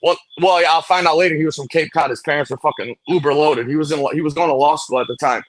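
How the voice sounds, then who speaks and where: A man tells a long, profane story at a rapid clip. His voice sits a little high for a man, and the sound is dry and close to the mic. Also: no echo. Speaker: host. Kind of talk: casual late-night storytelling chat.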